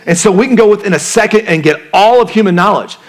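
A man's voice: high voice, fast. Casual, question-asking male pastor preaching. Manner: conversational, asks the congregation questions; uses casual slang and jokes. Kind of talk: sermon.

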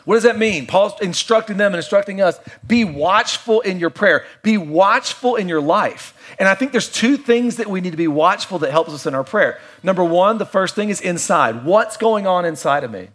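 A middle-aged man preaching a sermon in a conversational way, with playful asides and quiet, reflective stretches. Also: high voice, animated, normal speed, few pauses. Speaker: pastor.

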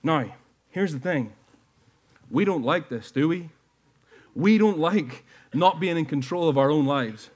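A man's voice: fairly high pitch, animated, unhurried, pauses often, darkish tone. A man preaching a sermon to his church, earnest and building to emphatic peaks. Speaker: pastor.

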